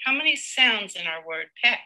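Bright-voiced patient woman teacher. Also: a little high, animated, low-quality recording. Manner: patient, encouraging, sounds out words slowly. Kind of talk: live teaching demonstration with a child.

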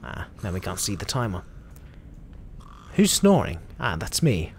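A man's voice: sits low, a little fast, vocal fry, a little hiss or hum. A man with an Australian accent giving chatty, jokey commentary over his own gameplay. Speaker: gameplay video host.

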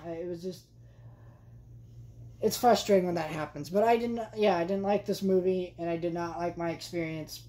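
A woman's voice: fairly low pitch, normal speed, dark tone. A young adult woman reviewing a film in a vlog, chatty and exasperated, with lots of fillers. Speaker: movie vlogger. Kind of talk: casual movie review rant.

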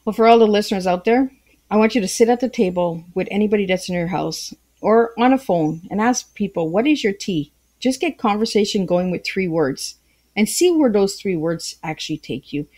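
A woman's voice: medium pitch, expressive, a little fast, a little mellow. A woman from Canada, a podcast guest speaking on a video call from her tea room at home, chatty and rambling in a playful way. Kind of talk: casual interview conversation.

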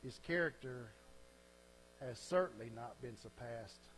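A man's voice: mid-range voice, measured pace, fairly bright tone, a little hiss or hum, rough recording. A man preaching a sermon as a pastor, telling folksy stories and closing in earnest prayer.

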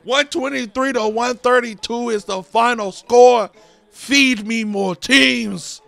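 Boastful high gravelly young man. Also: takes it slowly, fairly bright tone, soft background music. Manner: boastful trash talk, slips into sing-song. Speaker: gaming YouTuber. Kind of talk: hyped gameplay commentary.

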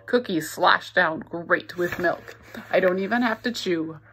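A woman's voice: fairly low pitch, measured pace, slight background noise. A woman reading a novel aloud, expressively voicing the narrator. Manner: expressive storytelling. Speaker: reader.

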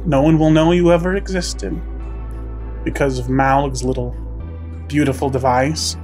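A man's voice: medium pitch, steady tone, a little slow, darkish tone, natural voice. Man playing a male scientist villain, condescending, sinister, cold, faint music behind. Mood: menacing.

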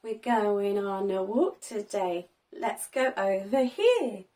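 A woman's voice: mid-range voice, very animated, takes it slowly, dark tone. A woman hosting a children's learning video as a preschool teacher, talking in a sing-song way with dramatic gasps and plenty of praise.

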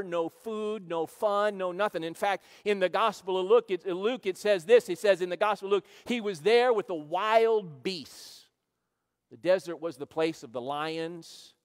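Midwestern American pastor, middle-aged man, high voice, preaching with swells and hushes, church hall reverb. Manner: preaching with call-and-response, swelling loud then dropping low. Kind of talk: sermon. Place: large church sanctuary.

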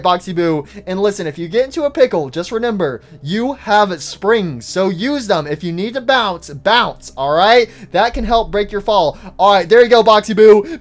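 A man commentating his own gameplay in a casual, excitable way, talking to the characters like pets and crying out when they fall. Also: high voice. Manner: excitable, shouts and cries out at falls; talks to game characters like pets. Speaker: gaming YouTuber.

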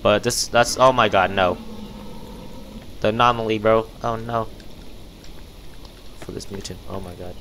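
A man's voice: fairly low pitch, steady tone, measured pace, long pauses, fairly bright tone, a little hiss or hum. A young man giving casual, jumpy commentary while playing a game, often startled and calling everyone "bro". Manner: jumpy, easily startled, says "bro" constantly. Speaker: gaming youtuber.

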